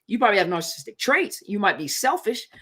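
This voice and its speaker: A woman's voice: medium pitch, big pitch swings, fast, fairly bright tone, slightly rough. A woman hosting a casual live stream, speaking in a conversational, emphatic way and repeating her points to drive them home. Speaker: live-stream host on relationships.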